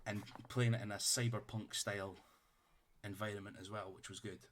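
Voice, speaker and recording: A man's voice: lowish voice, level tone, moderate pace, a little hiss or hum. A man running a tabletop game, chatting out of character in a rambling way and swearing freely. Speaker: game master. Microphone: streaming setup.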